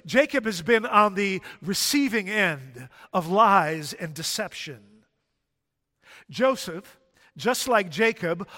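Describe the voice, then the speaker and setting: Man preaching, high for a man, slow and deliberate, emphatic repetition. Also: pushed and bright. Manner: emphatic, repetitive rhetorical build-up. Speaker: pastor. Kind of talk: sermon. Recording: long hall reverb.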